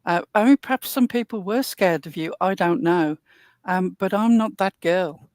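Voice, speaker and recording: A woman's voice: lowish voice, normal speed, darkish tone, dry recording. English woman, stream co-host, blunt sweary put-downs, dry close sound. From England. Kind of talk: casual live-stream commentary.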